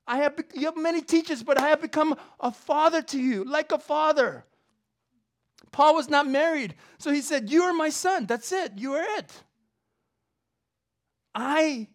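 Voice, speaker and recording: Woman, sermon, slightly high voice, shifts between soft asides and loud emphatic preaching. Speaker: professor.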